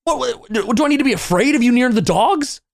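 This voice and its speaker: A man voicing his stern, angry middle-aged father scolding his son in a gruff, exasperated way, in a storytime video. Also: very high-pitched, lively intonation, quick pace, no room sound, clean studio sound, exaggerated voice.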